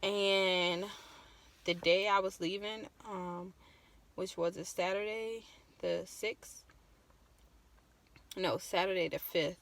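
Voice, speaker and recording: Young adult woman, casual vlog storytelling, on the edge of tears. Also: mid-range voice. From Virginia. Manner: emotional, tearful, casual storytelling. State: close to crying. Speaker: vlogger.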